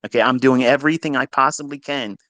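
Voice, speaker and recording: Brief: man, trading mentor, blunt and foul-mouthed, emphatic repeats, mid-pitched, dry close sound. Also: quick pace, dry recording. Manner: blunt, heavy swearing, emphatic repetition; swings between loud bursts and low asides. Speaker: trading educator. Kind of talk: profane motivational lecture.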